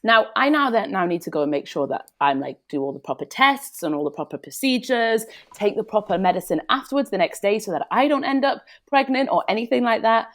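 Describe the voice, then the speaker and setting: A woman's voice: medium pitch, lively intonation, fairly quick, few pauses, a bit bright. A woman, a podcast guest telling a personal story in a frank, emphatic way. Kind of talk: candid podcast conversation.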